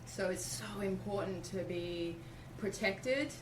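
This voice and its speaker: A middle-aged woman from Australia tells a personal story, animated and acting out the voices of others. She sounds roomy and distant from the mic. Steady background noise runs underneath. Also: mid-range voice, slow pace. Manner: animated, acts out quoted speech. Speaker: interview guest.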